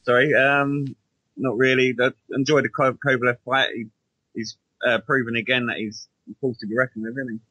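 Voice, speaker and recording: A man's voice: mid-range voice, flat delivery, fairly quick, pushed and bright, husky, dry recording, poor audio. A man in casual chat as a podcast co-host, rambling and hesitant, often restarting his sentences, heard over an online call.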